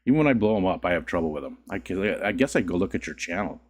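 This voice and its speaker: A man's voice: lively intonation, fast, slightly rough. A man hosting a casual livestream, just woken up, chatting with viewers and greeting them by name. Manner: rambling, greets chat, sudden squeaky voice cracks and laughs. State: just woke up. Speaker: livestream host.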